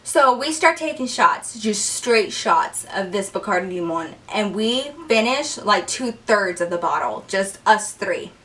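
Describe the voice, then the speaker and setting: A young woman casually telling a wild story on her vlog, animated and profane. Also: measured pace, few pauses, far from the mic. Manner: animated, profane, acts out quotes with big pitch jumps. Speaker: storytime vlogger.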